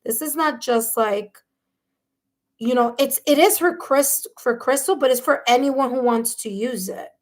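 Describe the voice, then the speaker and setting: A woman with a somewhat high voice hosts a live tarot reading. She talks in a slow, drawn-out way, yet she gushes and gasps as she responds to her viewers. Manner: effusive, gasps often, exclaims over viewer replies. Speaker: tarot reader hosting a live stream. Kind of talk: live-stream chat, reading viewer comments aloud.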